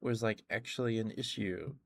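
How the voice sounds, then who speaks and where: A hoarse young man chatting casually on a stream, rambling with lots of fillers. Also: fairly low pitch, normal speed, no room sound. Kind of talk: casual chat.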